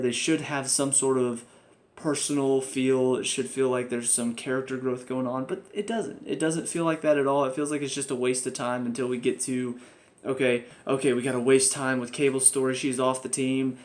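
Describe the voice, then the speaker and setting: A young man reviewing a TV show in casual, unscripted talk. He rants with open frustration and mimics characters in quick throwaway lines. His pitch sits in a plain middle range. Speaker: TV review vlogger.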